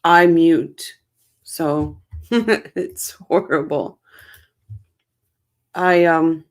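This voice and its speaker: A woman's voice: low-pitched, steady tone, drawn-out words. A woman from Canada hosting a livestream, chatting casually and reading viewer comments aloud. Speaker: livestream host. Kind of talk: casual chat reacting to a live court stream.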